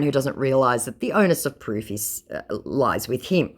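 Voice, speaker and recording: A woman's voice: a bass voice, lively intonation, normal speed, hardly any pauses. Dry, sarcastic woman. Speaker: scam baiter. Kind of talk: narrating chat logs.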